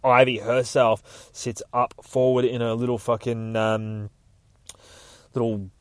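A man recapping a comic book aloud, casual and profane, breaking into rough shouted character voices. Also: mid-range voice, level tone, takes it slowly, dry recording. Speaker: comic book podcast host.

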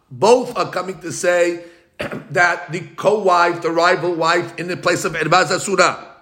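Male Talmud teacher, bright and forceful tone, animated back-and-forth argument, chanted quotes. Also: high-pitched. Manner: animated, argues both sides in a quick back-and-forth; slows to chant Hebrew and Aramaic quotes. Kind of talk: Talmud lesson.

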